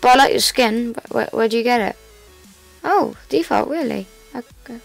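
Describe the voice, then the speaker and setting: Woman gamer, fry in the voice, a bit high, joking commentary over soft music. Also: normal speed. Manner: chatty, playful and self-mocking. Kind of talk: casual gameplay commentary. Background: faint background music.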